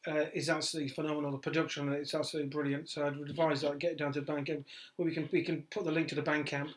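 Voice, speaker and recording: A man's voice: a little high, level tone, racing. A man co-hosting a live online show in a casual way, enthusiastic and full of superlatives. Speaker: co-host.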